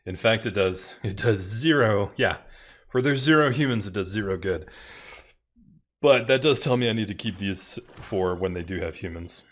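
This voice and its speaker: A man with a lowish voice talks through a card game as he plays it. He mutters along casually and laughs at his own misplays. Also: normal speed, a bit bright. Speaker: streamer playing a card game. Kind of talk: casual gameplay commentary.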